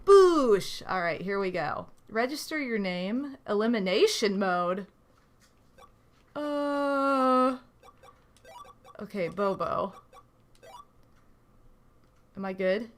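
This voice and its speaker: Animated woman streamer, lively voice. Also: mid-range voice, extremely slow, pauses often. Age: 30s. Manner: animated, gushing, reads game text aloud. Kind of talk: casual gameplay commentary.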